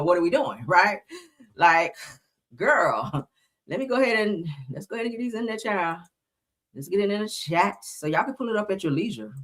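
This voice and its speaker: Dramatic, lively low-voiced woman commentator. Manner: dramatic, profane and chatty. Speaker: live-stream gossip commentator. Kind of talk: casual live-stream commentary.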